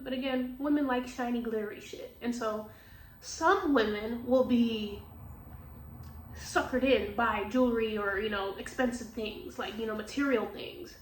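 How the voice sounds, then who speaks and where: A woman's voice: on the high side, measured pace. A woman giving a casual tarot reading, talking bluntly with lots of swearing and frequent laughs. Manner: blunt, profane, laughs often. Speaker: tarot reader. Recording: echoey room, distant mic, faint noise.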